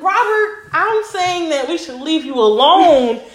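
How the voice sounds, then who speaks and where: A young woman from Detroit with a high, lively voice that leaps all over as she chats, swearing and laughing. Her co-hosting comes through in an echoey room. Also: measured pace. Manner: swears a lot, laughs often, animated storytelling. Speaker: podcast co-host. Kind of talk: casual chat.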